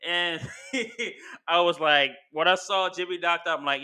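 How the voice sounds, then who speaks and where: Bright-voiced high man recapping wrestling. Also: a little slow, smooth. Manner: animated, acts out quotes with slang. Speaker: wrestling commentary vlogger. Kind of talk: casual recap.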